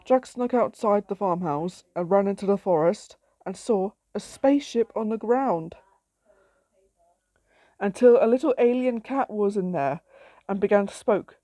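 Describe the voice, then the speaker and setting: A woman's voice: medium pitch, unhurried, dark tone, no echo. A woman reading her own story aloud in a plain, simple storytelling way.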